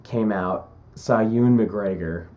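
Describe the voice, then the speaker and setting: A man's voice: lowish voice, takes it slowly, a little mellow, a little hiss or hum. A young man vlogging, telling a story in a chatty, joking way and acting out what people said. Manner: chatty, joking, acts out quotes. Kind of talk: casual storytelling.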